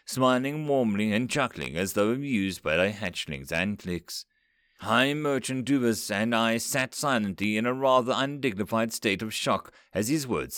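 Man with lively pitch narrating a story. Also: no echo, clean studio sound.

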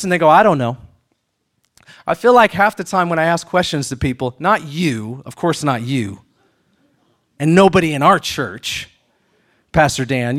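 A male pastor delivering a sermon in a notably high voice. He preaches with animation, acting out little question-and-answer exchanges. He swings from loud emphatic peaks to soft, hushed asides.

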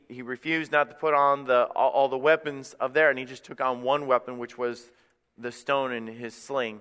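A man preaching a sermon as pastor, passionate and building to near shouts, with quick stammered restarts. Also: medium pitch, clean tone, in a large hall.

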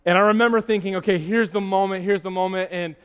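A man with a high, smooth, clear voice preaches to a youth group in a long-echoing church hall. He tells stories with self-teasing asides and often trips over and repeats his words. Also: fairly even intonation, quick pace, fairly bright tone. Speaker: youth pastor.

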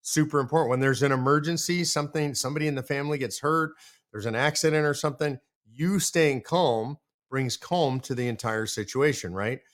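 A man from the United States delivers a political commentary monologue as host, his voice sitting at an ordinary middle pitch. He speaks earnestly and straight to the listener, hammering home his main points by repeating them. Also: a little fast. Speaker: show host.

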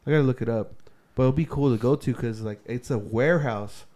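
A man's voice: medium pitch, a little fast, a little mellow. A man co-hosting a podcast, rambling casually with slang and swearing. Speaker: podcast co-host. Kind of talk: casual chat.

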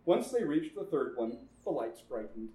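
A man narrating a horror story in a measured, dry reading voice. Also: mid-range voice, big pitch swings, dark tone. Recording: echoey room.

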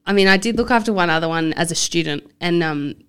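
A woman, a nurse co-hosting a podcast, chatting in a relaxed, self-deprecating way. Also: fairly low pitch, fast, clean tone. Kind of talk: casual chat.

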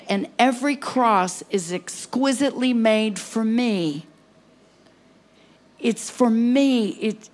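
A woman preaching at a conference service, impassioned, swinging between near-whispers and loud cries. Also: a little high. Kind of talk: conference sermon.

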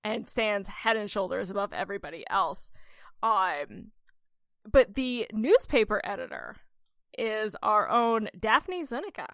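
Chatty woman with a gravelly voice. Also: medium pitch, a little slow, no room sound, studio quality. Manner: animated storyteller, laughs often. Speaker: podcast co-host. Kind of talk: casual chat.

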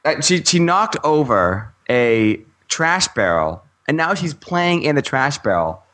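A man's voice: on the high side, big pitch swings, a little slow, fairly bright tone. A man co-hosting a gaming podcast in casual chat, rambling with fillers and laughing often. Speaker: podcast co-host.

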